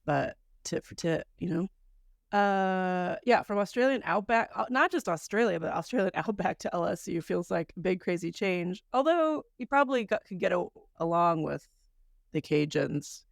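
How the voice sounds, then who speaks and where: Woman podcast co-host, low gravelly voice, chatty and reflective, dry close-mic sound. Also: lively intonation, normal speed, no room sound. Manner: chatty, reflective, laughs often. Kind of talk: casual podcast chat.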